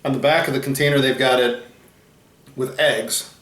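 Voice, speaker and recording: A man's voice: mid-range voice, fairly even intonation, moderate pace, fairly bright tone, roomy sound. A man hosting a food tasting video in casual chat, explaining facts he reads off the packaging. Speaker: host of a food challenge channel.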